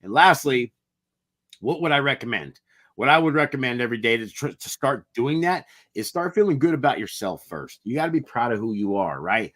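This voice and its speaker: In a relaxed motivational chat, a podcast co-host talks sincerely and thoughtfully, dropping the odd mild curse. He has a medium pitch, a fairly bright tone, and an expressive, slightly fast delivery.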